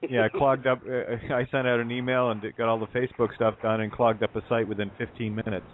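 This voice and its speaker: A man's voice: medium pitch, little pitch movement. Rambling man over a phone line. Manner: rambling, halting with many fillers. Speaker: radio show host. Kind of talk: casual talk radio.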